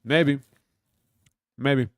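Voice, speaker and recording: Speaking very slowly in a mid-range voice, this young Kentucky man runs a laid-back livestream full of swearing and jokes, reading chat out loud as he goes. The studio-quality audio has no echo.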